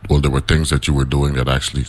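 A male host with an extremely deep, low voice leads the interview. He from St. Croix, measured and halting, often repeating a word before landing his question. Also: flat delivery. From St. Croix, US Virgin Islands. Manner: measured, halting, repeats words as he gathers thoughts. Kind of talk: casual interview chat.

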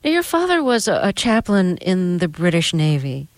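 A woman hosts a radio interview, asking short curious questions with a lively rise and fall. She laughs easily. Her voice is close and dry. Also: on the low side, moderate pace, no echo.

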